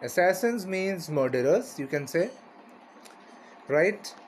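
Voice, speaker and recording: A man's voice: sits high, animated, slow, a little hiss or hum. A man teaching a vocabulary lesson, repeating each word and its meaning and often asking "right?".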